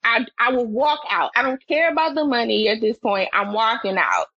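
A woman telling a story as a podcast guest, animated and expressive, her voice climbing higher when she gets excited. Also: moderate pace, slightly rough, no echo, lo-fi sound. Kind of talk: animated storytelling in casual chat.

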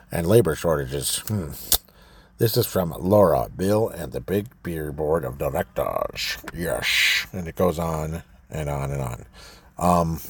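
A man's voice: lowish voice, dark tone, slightly rough, dry recording. A man hosting a solo podcast, casually reading news items and ranting with opinionated asides. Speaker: podcast host.

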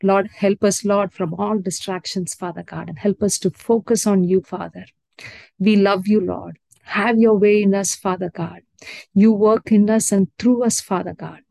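A woman leading a spoken prayer in a devout, repetitive way, softening at the end of each phrase. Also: medium pitch, steady tone, moderate pace, creaky, dry recording. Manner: devout, repetitive, fading to soft at phrase ends. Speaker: prayer leader.

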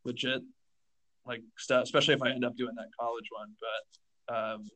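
A man's voice: mid-range voice, level tone, moderate pace, pushed and bright. A young man, a stand-up comedian, chatting casually on a podcast, rambling with lots of fillers and restarts. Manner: rambling, filler-heavy, says dude a lot.

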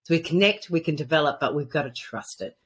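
A woman guest on a casual podcast, telling animated stories and acting out the dialogue in them. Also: low voice, fast, a little hiss or hum. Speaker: guest author on intuition. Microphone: podcast microphone at a computer.

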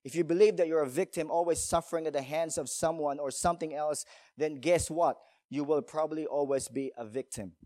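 A man's voice: fairly high pitch, steady tone, fast, hardly any pauses, mellow, no echo, clean studio sound. A male pastor preaching a sermon in a church, emphatic, telling stories and asking rhetorical questions.

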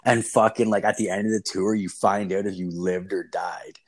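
A young man with a husky, somewhat low voice tells a long, loose story in casual podcast chat. He swears constantly and leans on "like" between every few words. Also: steady tone, normal speed. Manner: rambling, profane, constant "like" fillers.

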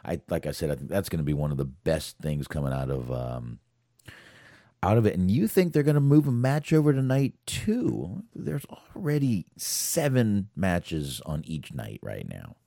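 A man's voice: sits low, very animated, normal speed, gravelly, mellow, no echo, clean studio sound. A man co-hosting a casual chat show, talking loosely with frequent swearing and repeated words. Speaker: podcast co-host.

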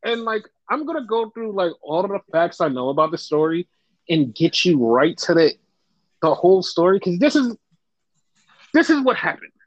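A man hosting a casual podcast chat, telling stories in a profane, animated way and putting on voices for the people he quotes. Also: high-pitched, moderate pace, no echo, muffled recording. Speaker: wrestling podcast host.

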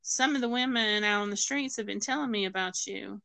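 A woman's voice: mid-range voice, a little fast, gravelly, over a noisy crowd, rough recording. A woman telling a personal story as a guest, acting out the voices of others and using many fillers and restarts. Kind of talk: personal testimony in conversation.

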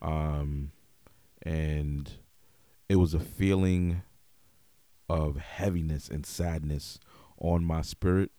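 A man hosting a podcast, talking openly in a relaxed way full of "yo" and "you know what I mean". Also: a bass voice, takes it slowly, long pauses, no room sound. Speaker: podcast host. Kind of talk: casual podcast chat.

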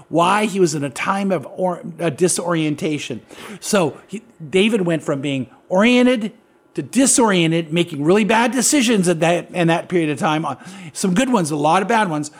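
A middle-aged man, a pastor, retelling a Bible story in an earnest, conversational way and asking his co-host questions. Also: on the high side. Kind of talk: conversational preaching.

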